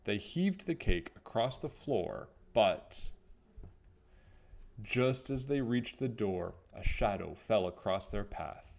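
Low, slow, lively-toned male reader for a children's picture book. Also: gravelly. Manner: expressive, unhurried storytelling. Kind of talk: reading a picture book aloud.

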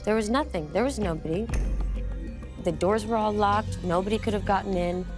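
A woman in a documentary interview, earnestly recounting a ghostly experience in a hushed, suspenseful way. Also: mid-range voice, normal speed, music in the background. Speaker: celebrity guest telling a ghost story.

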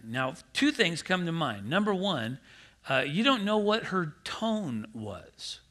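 A male pastor preaching a sermon in a church, his voice bright and forward, pitched a little above the usual for a man. He talks in an animated, emphatic way, mimicking voices when he quotes people and turning to the congregation with direct asides. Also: a little slow.

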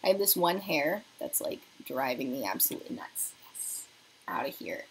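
A young woman hosting a beauty livestream from her apartment, chatting casually while doing her makeup and reading viewer comments aloud, sometimes dropping to a soft murmur. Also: extremely low pitch, big pitch swings, normal speed, slight background noise, low-quality recording. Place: home apartment.

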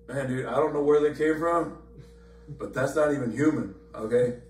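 A man's voice: mid-range voice, moderate pace, a little mellow. A man leading an informal Bible study, talking conversationally with many fillers and repeated words. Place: church meeting room. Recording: echoey room, far from mic, faint hum.

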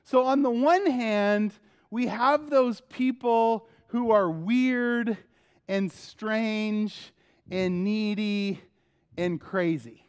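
A male pastor with a high, clear, resonant voice delivers a sermon. He reads scripture aloud and then talks it over casually with his church, tossing in rhetorical questions and loose fillers. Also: very slow, a little mellow.

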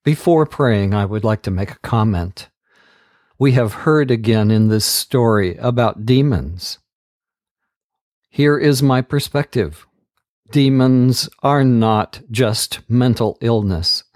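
A man hosting a daily Bible reading podcast, reading scripture aloud in a slow, measured, earnest way and adding a short devotional comment. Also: mid-range voice, a little mellow, no echo, clean studio sound.

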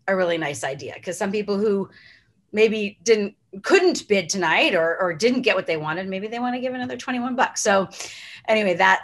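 A middle-aged woman emceeing a charity auction from home, effusive and chatty with quick asides. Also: lowish voice, fairly bright tone. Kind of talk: casual live-stream hosting.

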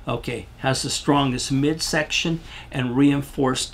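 A man's voice: medium pitch, moderate pace, a little hiss or hum. An older man giving a rambling, folksy product demonstration as a shoe salesman, losing his voice and coughing now and then.

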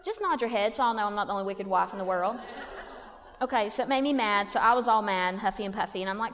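A woman's voice: mid-range voice, expressive, fast, a bit bright, a little hiss or hum. A woman telling a funny personal story to a women's church conference, in a folksy, self-mocking way. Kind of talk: humorous personal testimony talk. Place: church hall. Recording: long hall reverb.

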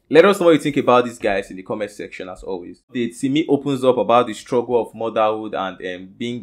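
A man with a Nigerian accent who hosts a gossip news vlog, reading the stories casually and putting questions to his viewers. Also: on the low side. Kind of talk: reading celebrity news to camera.

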